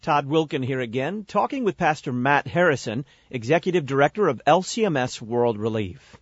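A man hosting a radio talk show, reading ads and interviewing a guest in a clear, measured announcer manner. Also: mid-range voice, lively intonation, no echo. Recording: muffled lo-fi radio broadcast.

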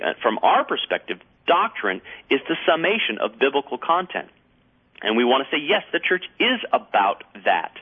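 A male radio guest explaining at length over the phone, pausing often with fillers and restarts. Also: on the low side, breathy edge. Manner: halting, many fillers and restarts while explaining. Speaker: guest researcher on a radio show. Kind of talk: radio talk show. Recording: tinny phone line.

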